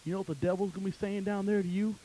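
A fiery male preacher delivering a fire-and-brimstone sermon. His voice sits a bit high for a man. He swings from shouted peaks down to hushed, intense warnings and talks in a folksy way. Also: level tone, rapid-fire, slight background noise, low-quality recording.

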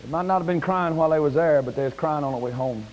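A preacher man delivering a folksy sermon from the pulpit, his fairly high voice swinging up into loud, shouted peaks. There is a faint hiss under the recording. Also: fast, low-quality recording. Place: church sanctuary.

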